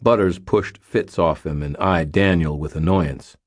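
A man narrating a first-person novel in a very low, husky voice. He reads at a measured, even storytelling pace. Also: dry recording, clean studio sound. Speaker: audiobook narrator.

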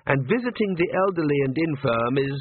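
A man's voice: on the high side, expressive, a little fast, slightly rough, pitched above the performer's own voice. A man voicing a nervous, awkward young priest who stammers and fumbles for words. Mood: flustered. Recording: tinny phone-like audiobook recording.

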